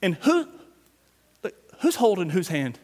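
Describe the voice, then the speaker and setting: High-voiced male preacher in a reverberant hall. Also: huge pitch swings, slow. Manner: preaches with swings from quiet to loud emphasis, addresses the congregation directly. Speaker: pastor. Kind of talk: sermon. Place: church sanctuary.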